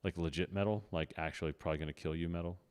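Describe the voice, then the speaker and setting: Male podcast co-host, lower voice, loose rambling chatter. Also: steady tone, rapid-fire, darkish tone, clear, resonant tone. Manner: rambling, many "like"s and restarts. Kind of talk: casual comedic chat.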